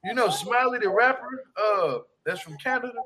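A man with a high, bright voice, talking in a casual joking chat. He tells stories loudly and with lots of slang, laughing as he goes. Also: moderate pace. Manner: loud, laughing, slangy, animated storytelling.

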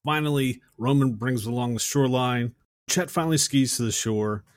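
A man's voice: medium pitch, moderate pace, dry recording, clean studio sound. A man co-hosting a podcast, casually retelling a movie scene in a rambling, chatty way. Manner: rambling, chatty, acts out quotes. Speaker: podcast co-host.

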